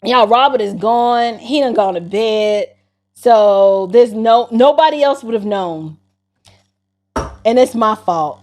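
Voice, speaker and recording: A woman's voice: fairly high pitch, slow, darkish tone. A woman hosting a casual livestream, laughing hard and breaking up as she talks. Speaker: livestream host.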